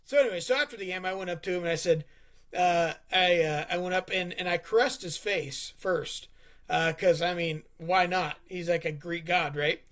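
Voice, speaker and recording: A man's voice: sits high, normal speed, fairly bright tone. A man co-hosting a sports podcast, telling a long, rambling story in a casual way, full of restarts and stammers. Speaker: podcast co-host.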